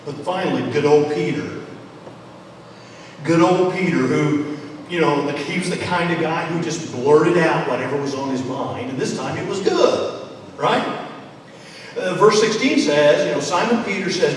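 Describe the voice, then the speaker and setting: Guy giving a chatty sermon, kinda high voice, big echoey church from far off. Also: expressive, measured pace, noisy background. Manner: conversational, with fillers and repeated words. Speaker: pastor. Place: church sanctuary.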